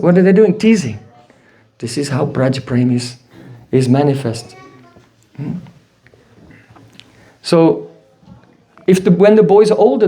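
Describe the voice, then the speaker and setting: A man giving a devotional lecture, telling stories and checking in with rhetorical questions. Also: high-pitched. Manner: animated storyteller, asks rhetorical "hmm?". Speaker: spiritual teacher.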